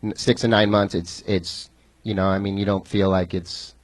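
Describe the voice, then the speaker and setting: A man in his thirties, a stand-up guest, chatting on a comedy club stage in a halting, easygoing way. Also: sits low, flat delivery, dry recording, rough recording. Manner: halting, stumbles and restarts, easygoing. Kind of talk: casual stage chat.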